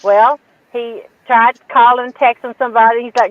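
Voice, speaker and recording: Lady on a call-in, high voice, dull dry line, acts out every bit of dialogue. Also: brisk, no echo. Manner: animated, quotes dialogue, laughs at herself. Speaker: guest caller telling a story. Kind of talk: casual storytelling.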